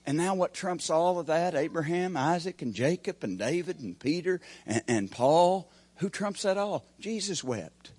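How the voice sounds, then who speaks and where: A man preaching a sermon, asking the congregation questions and swinging between loud emphasis and quiet asides. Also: a little high, animated, measured pace, few pauses, slightly rough. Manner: call-and-response preaching, rising and falling emphasis.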